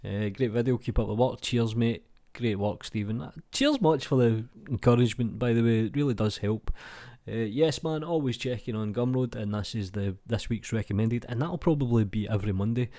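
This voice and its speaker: Laid-back British man with a mellow voice. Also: medium pitch, brisk. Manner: laid-back and chatty, swears often, calls people mate. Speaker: YouTube channel host. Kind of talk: casual chat reading out viewer comments.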